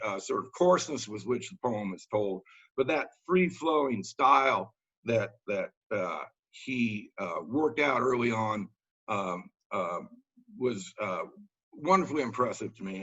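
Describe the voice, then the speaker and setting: A man leading a writing workshop, reading poems aloud and talking about them in a relaxed, halting way with many fillers, over a video call. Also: mid-range voice, slightly rough, muffled recording. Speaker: workshop leader.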